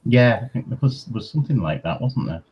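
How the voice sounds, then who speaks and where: A man's voice: mid-range voice, animated, fairly quick, slightly rough, dull audio. A man in a casual group chat about hobbies, talking easily and reminiscing about old films. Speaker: participant in online paint and chat.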